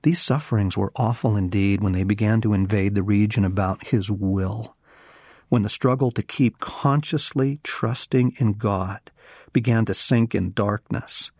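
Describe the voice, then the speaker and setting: Slow, husky-voiced man teaching. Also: fairly low pitch, a little mellow, no echo, clean studio sound. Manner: slow, intense, drops to a whisper for emphasis. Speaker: author and teacher. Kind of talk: devotional teaching with scripture reading.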